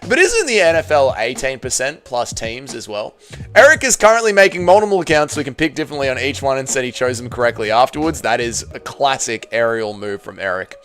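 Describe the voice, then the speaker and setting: A man's voice: mid-range voice, very animated, brisk, fairly bright tone, soft background music. An Australian man hosting a casual livestream, reading out chat messages and talking bluntly with frequent swearing. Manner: blunt, swears often, reads chat aloud. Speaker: streamer host.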